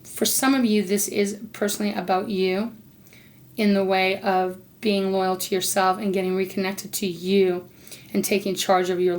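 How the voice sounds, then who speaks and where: Woman, tarot reader, casual rambling talk, mid pitch. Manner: rambling, warm-hearted, talks to spirit guides between cards. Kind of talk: casual spoken tarot reading.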